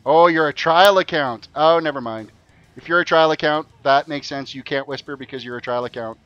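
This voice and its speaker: A man's voice: on the high side, fairly quick, fairly bright tone, clear, resonant tone, dry recording, lo-fi sound, soft background music. A man streaming a game and hosting an in-game race event for his viewers. He chats casually and keeps repeating his instructions to the players. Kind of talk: casual live-stream commentary.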